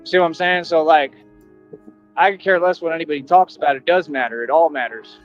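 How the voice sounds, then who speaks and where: A man's voice: on the high side, a little fast. A man in a played clip, boasting in a confrontational, slangy monologue about running the streets. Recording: dull lo-fi clip audio with music.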